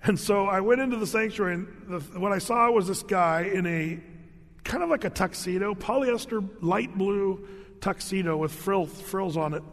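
A male pastor preaching in a church sanctuary, his voice pitched fairly high. He tells his story with animation, restarting sentences, laughing and acting out the people in it. A long reverb rings through the hall behind every phrase. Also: moderate pace, fairly bright tone. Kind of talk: sermon.

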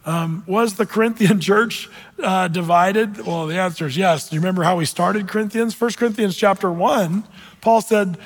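A male pastor preaching a sermon in an animated, conversational teaching style with frequent asides, in a church sanctuary. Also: high-pitched, moderate pace, big-room sound.

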